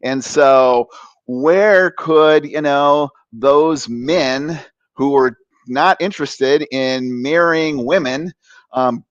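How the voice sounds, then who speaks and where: A man in his fifties, a guest author and coach, telling a personal story with lively acted-out voices and sound effects. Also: mid-range voice, drawn-out words, no echo, highs cut off. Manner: animated, acts out voices with bursts of sound effects; frequent fillers and restarts, laughs while telling.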